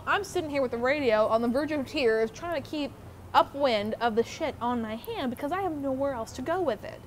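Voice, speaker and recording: A young adult woman telling a story about her old job to the camera in a casual, animated way, swearing often. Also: high voice, brisk. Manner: profane, animated, swears freely. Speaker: former theme park worker telling her story. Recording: noisy background.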